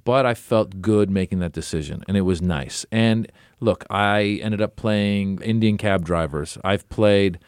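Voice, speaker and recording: A man's voice: on the low side, a little slow, few pauses, clear, resonant tone, no room sound, studio quality. A middle-aged man, a comedian and actor, telling casual anecdotes as an interview guest and acting out other people's lines. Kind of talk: casual conversational storytelling.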